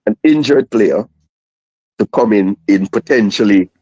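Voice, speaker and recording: A man joining a call as a guest, speaking in a measured, hesitant way with restarts. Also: lowish voice, darkish tone, dry recording, highs cut off. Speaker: guest analyst. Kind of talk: casual football chat.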